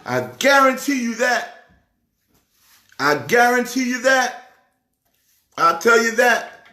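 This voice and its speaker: A man who is a pastor, talking sports casually in an excitable way, repeating words with a preacher's rhythm. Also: very high voice, slow, echoey room. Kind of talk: casual sports talk show.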